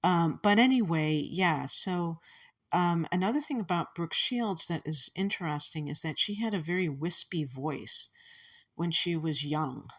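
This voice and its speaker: A woman's voice: fairly low pitch, measured pace, fairly bright tone. A woman from the Chicago area with a Chicago accent, giving a casual astrology commentary in a meandering, musing way that often restarts thoughts. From Chicago area, USA.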